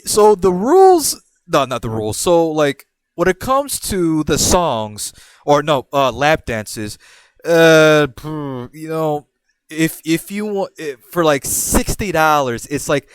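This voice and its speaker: A young man hosting a podcast, telling a rambling personal story in a casual, animated way with frequent restarts and laughs. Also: fairly high pitch, no echo. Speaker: podcast host.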